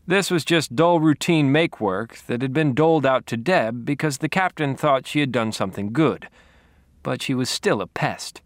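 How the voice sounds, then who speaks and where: A man narrating a novel in the first person with a wry, deadpan delivery. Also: medium pitch, dry recording, clean studio sound. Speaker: audiobook narrator.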